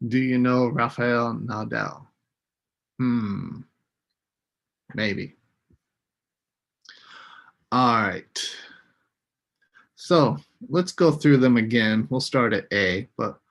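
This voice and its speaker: A man's voice: mid-range voice, gravelly. A man teaching a live online English lesson, patiently modeling words for students to repeat.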